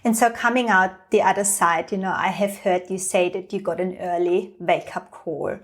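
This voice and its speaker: A woman hosts a podcast interview, her voice sitting slightly low. She asks her questions gently and keeps encouraging her guest with quiet affirmations. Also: fairly even intonation, normal speed. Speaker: podcast host. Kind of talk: interview conversation.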